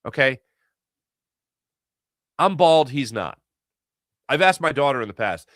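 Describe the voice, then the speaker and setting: A middle-aged man from Philadelphia hosting a casual sports talk show, telling animated stories and acting out voices. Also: mid-range voice, normal speed, pauses often, dry recording, studio quality. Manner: animated storytelling, acts out voices.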